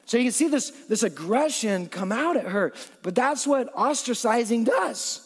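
A man with a high voice preaches in a loose, conversational way, acting out lines from the story. His voice rings with the long reverb of a large hall. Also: moderate pace, husky. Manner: conversational, animated, acts out quotes. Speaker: pastor. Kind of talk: sermon.

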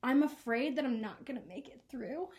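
A woman's voice: sits high, animated. A young woman in her twenties, a podcast co-host, telling a personal story in an earnest, emotional way. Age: 20s. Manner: earnest, emotional, quick laughs. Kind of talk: casual chat, personal story.

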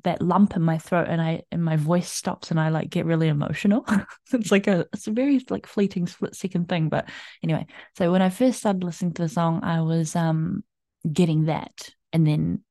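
A woman's voice: on the low side, steady tone, moderate pace, dark tone, dry recording, studio quality. A young adult woman hosting a podcast, telling a personal story in a chatty, rambling way with many fillers, restarts and laughs. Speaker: podcast host.

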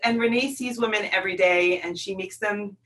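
A woman's voice: mid-range voice, fairly quick, fairly bright tone, recorded from a distance, poor audio. A woman organizer hosting a casual conversation, speaking in a heartfelt way about friendship.

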